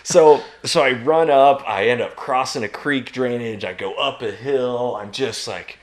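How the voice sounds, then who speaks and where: A man, a podcast guest, telling a long outdoor story in a lively way, laughing and jumping into loud high shouts as he acts it out. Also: a little slow. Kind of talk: animated storytelling.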